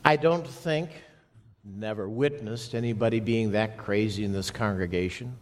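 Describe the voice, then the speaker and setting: A pastor preaching a sermon to his congregation, slow and emphatic with dramatic pauses. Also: on the low side. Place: church sanctuary. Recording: long reverb of a church hall.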